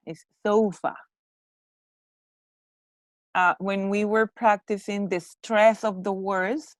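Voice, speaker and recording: A woman from Mexico teaching English, giving a class feedback on their pronunciation and repeating words slowly to model them. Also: mid-range voice, a bit bright, dry recording.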